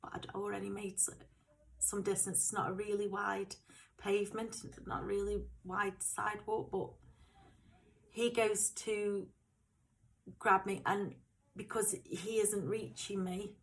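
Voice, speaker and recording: Soft-spoken woman recounting a scare. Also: medium pitch, little pitch movement, gravelly, poor audio. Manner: halting, repeats words, speaks softly. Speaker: storyteller. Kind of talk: personal true story narration.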